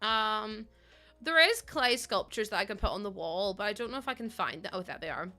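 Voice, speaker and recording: A young woman streaming a game, chatting casually and rambling to her chat with giggles and sudden excited bursts. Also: mid-range voice, brisk, faint music behind. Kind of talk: casual live-stream chat while playing.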